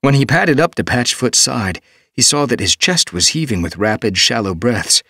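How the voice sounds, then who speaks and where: A man reading an audiobook as narrator, steady and measured. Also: mid-range voice, husky, dry recording. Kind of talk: scripted narration. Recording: dry studio booth.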